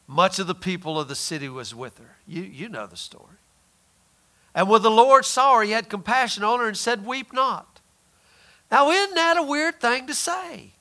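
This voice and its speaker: A man preaching a sermon who asks the listeners questions and answers them himself, drawling some phrases slowly for emphasis. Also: high voice, sing-song, sharp tone.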